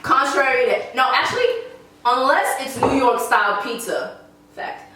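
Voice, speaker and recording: A young woman guest in a casual chat over food, laid-back and slangy, quick to laugh. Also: sits high, lively intonation, recorded from a distance, noisy background. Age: young adult. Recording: echoey room, off-mic.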